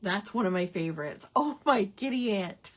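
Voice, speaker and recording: Giggly husky woman hosting a craft hangout. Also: medium pitch, animated, normal speed. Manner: chatty, giggly, playful, spells out quirky words. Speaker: craft livestream host. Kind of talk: casual craft hangout chat.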